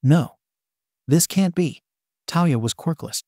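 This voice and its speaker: A man's voice: a little high, takes it slowly, warm tone, no room sound, clean studio sound, voice pushed up. A man reading as Endeavor, stern older hero. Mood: dismissive. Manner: cold, dismissive, harsh. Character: stern proud older male hero, dismissive father. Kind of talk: fan fiction reading.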